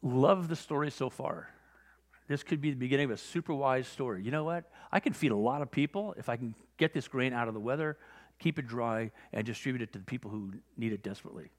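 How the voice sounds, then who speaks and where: A man's voice: medium pitch, quick pace. Guy pastor preaching in a big church, acts out the convos, long echo on it. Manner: animated storytelling, acting out conversations. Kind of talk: sermon. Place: church sanctuary. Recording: long hall reverb.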